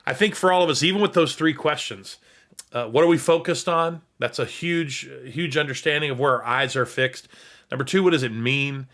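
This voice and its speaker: A man who is a pastor, teaching on scripture in a reflective way, reading verses slowly and repeating his key points. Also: medium pitch, a bit bright. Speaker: pastor and host. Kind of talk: sermon-style teaching on scripture.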